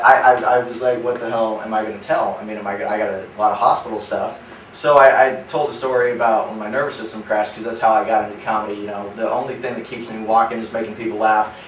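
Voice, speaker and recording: A young man performs a stand-up set in a small comedy theater, drifting through rambling, offhand stories. His voice sits at a middle pitch. It is picked up from some distance, with the room's echo and a faint hum of ambience behind it. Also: steady tone, fast. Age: young adult. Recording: roomy live club sound from a distance.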